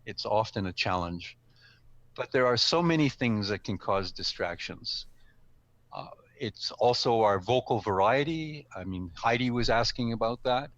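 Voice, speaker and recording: A man's voice: medium pitch, lively intonation, unhurried, fairly bright tone, lo-fi sound. An older man in casual instructional talk, explaining speaking tips in a conversational way with ums and self-corrections. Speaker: guest speaker, speaking coach. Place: live stream studio or room.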